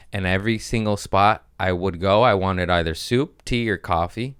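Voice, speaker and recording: A male comedian hosting a podcast, telling crude, animated stories about touring and hecklers in casual monologue. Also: low voice, a little slow, a little hiss or hum. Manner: animated storytelling with crude language.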